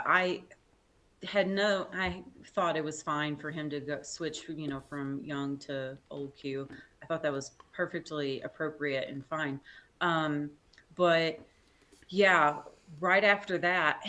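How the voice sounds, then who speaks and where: Woman guest chatting on a stream, slow, kinda low voice, lots of ums. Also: steady tone, sharp tone. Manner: unhurried, with fillers and light laughs. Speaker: subscriber guest. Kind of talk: casual live stream chat.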